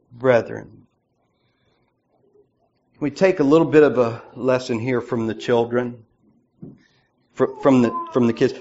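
A man preaching a sermon to his congregation, swinging between loud emphatic peaks and quiet asides. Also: mid-range voice. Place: church. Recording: dull lo-fi church recording.

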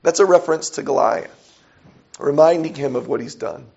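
Preacher man with a gravelly voice. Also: a little high, expressive, moderate pace, a little mellow. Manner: asks the audience questions and reads scripture aloud. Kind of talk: sermon. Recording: dull lo-fi recording.

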